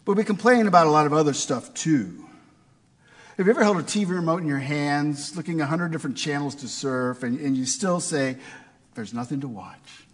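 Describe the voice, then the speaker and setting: Pastor guy preaching, kinda husky, lots of questions to the crowd, big echoey church. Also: on the high side, a little fast. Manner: conversational preaching with rhetorical questions. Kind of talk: sermon.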